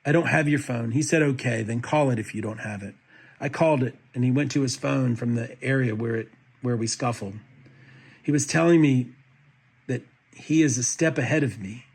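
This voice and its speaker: A man reading a court petition aloud as a commentator, with a steady, even delivery. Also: mid-range voice, moderate pace, creaky, slightly rough.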